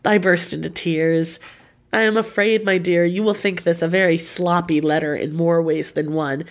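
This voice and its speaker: A woman reading a novel written as letters aloud, with a lively, confiding, expressive delivery. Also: lowish voice, moderate pace. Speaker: audiobook reader.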